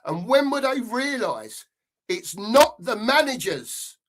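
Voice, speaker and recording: A man's voice: very high-pitched, sing-song, slow pace, a bit bright. A middle-aged man hosting a live football stream, ranting angrily and swearing, often repeating himself. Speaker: podcast host.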